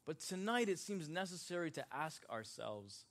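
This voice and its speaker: A man's voice: on the high side, animated, normal speed, few pauses. A man preaching a sermon in a conversational, joking way, talking directly with his congregation. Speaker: pastor.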